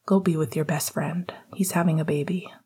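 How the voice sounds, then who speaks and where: A woman voicing a guarded, hurt young male hockey player in a soft, hushed whispered role-play. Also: deep voice, fairly even intonation, brisk, slightly rough.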